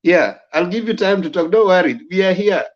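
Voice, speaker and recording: A man hosts a talk debate, patiently explaining how to argue a point. His voice sits a touch high. The sound is dull and lo-fi. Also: brisk. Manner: calm, lecturing, conciliatory. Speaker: host. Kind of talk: moderating a debate.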